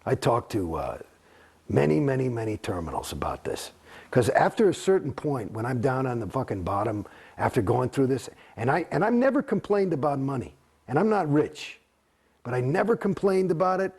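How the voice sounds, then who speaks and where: Gravelly, husky man ranting bluntly. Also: medium pitch, very animated, normal speed, a little mellow. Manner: blunt, profane and emphatic; rambling, with frequent restarts. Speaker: interview guest. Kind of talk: candid conversational interview.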